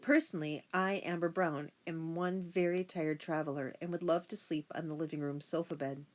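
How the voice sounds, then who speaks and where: A woman narrating a first-person children's audiobook in a steady storytelling voice. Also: low voice, normal speed.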